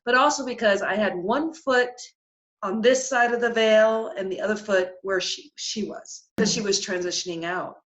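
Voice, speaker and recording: A middle-aged woman shares a personal spiritual story on a podcast. She talks earnestly, with halting restarts and repeated words. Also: mid-range voice, a bit bright, low-quality recording. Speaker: podcast guest.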